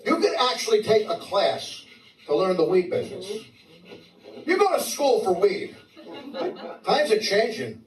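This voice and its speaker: His voice sits high, and this very animated New York City comic speaks a little slowly, leaving long pauses between brash, crude punchlines and stammered restarts. It's a live set on a comedy club stage, recorded from a distance in a roomy space, with audience laughter behind him.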